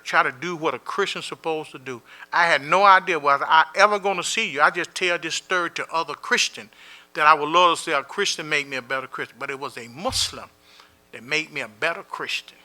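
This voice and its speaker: A man's voice: a little high, pushed and bright. A man speaking as a Muslim prison chaplain, telling plainspoken stories to a gathering and repeating key phrases for emphasis. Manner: plainspoken storytelling, acting out dialogue in scenes. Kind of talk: motivational talk to a community gathering.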